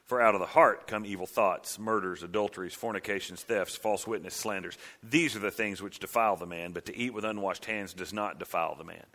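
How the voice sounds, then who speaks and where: A man preaching a sermon, acting out cries and quotes with big swings between loud and hushed. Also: sits low, steady tone, fairly quick, few pauses. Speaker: pastor.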